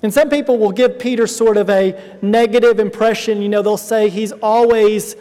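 A man's voice: high-pitched, fairly even intonation, normal speed, mellow. A male pastor preaching a sermon in a church, explaining emphatically and speaking directly to the congregation. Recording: reverberant hall.

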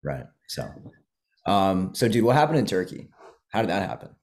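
A man hosting a podcast, asking questions in a relaxed, loose way. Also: low-pitched, normal speed. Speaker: podcast host. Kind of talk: casual interview.

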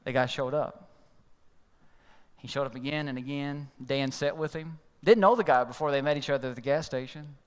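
Speaking at normal speed in a smooth voice, a pastor delivers a storytelling sermon in a large church hall. He performs the quoted characters with abrupt shifts of voice and large pitch jumps, and long hall reverb hangs over everything.

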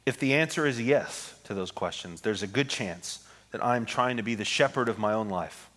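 A man's voice: lowish voice, fairly bright tone. Man preaching a conversational sermon. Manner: conversational preaching, reads scripture slowly with pauses. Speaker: pastor. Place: church sanctuary with congregation.

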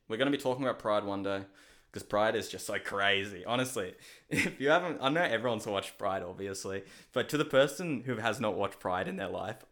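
Blunt, excitable man hosting a podcast. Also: on the low side. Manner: swearing, blunt, excitable rants. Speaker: podcast host. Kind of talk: casual solo podcast chat.

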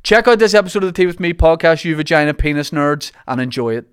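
A man's voice: fairly high pitch, lively intonation, clear, resonant tone, no echo, studio quality. A man hosting a podcast, joking and teasing in casual banter. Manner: jokey, teasing, quick asides. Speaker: podcast host.

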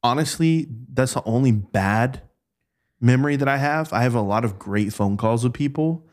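A man's voice: medium pitch, moderate pace. A man casually telling stories from an old job, acting out the people he quotes. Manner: animated, acts out quoted voices. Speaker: podcast guest recounting work stories. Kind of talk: casual storytelling chat.

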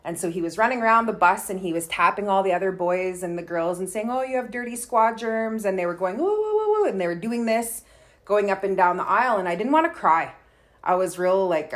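A woman's voice: on the low side, a bit bright. Woman, guest, casual storytelling, candid, filler-heavy. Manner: candid, chatty, many likes and ums.

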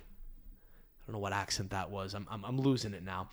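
A man's voice: on the low side, normal speed. Profane, rambling male podcast host. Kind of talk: casual comedic rant.

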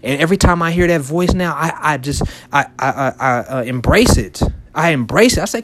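A man's voice: fairly high pitch, lively intonation, brisk, few pauses, background noise. A man in his thirties talking casually to his viewers in a loose, repetitive way, full of fillers and restarts. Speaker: vlogger and shoe reseller. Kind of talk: casual motivational talk to camera.

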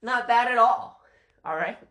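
A man's voice: very high-pitched, measured pace, sharp tone. A man hosting a casual podcast, rambling and joking around with plenty of goofy asides. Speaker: podcast host.

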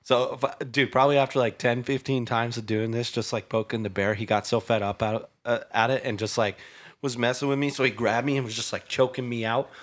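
A man's voice: mid-range voice, fairly even intonation, fairly quick. A young man hosting a casual chat show, telling a story in a laid-back way, often saying "dude" and "bro" and laughing. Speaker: podcast host.

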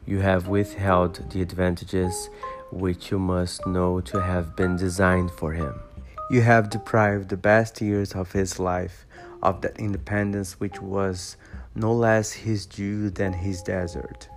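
A man voicing a spirited, indignant young woman in a storybook reading, with a forceful, accusing delivery. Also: low voice, level tone, slow. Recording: guitar music behind voice.

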